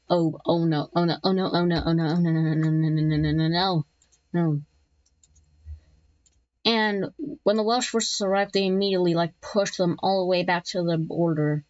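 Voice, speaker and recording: Slow, rambling woman narrating a map. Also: on the low side, dry recording. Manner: rambling, many restarts, jokey asides. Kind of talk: casual commentary narration. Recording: dull lo-fi recording.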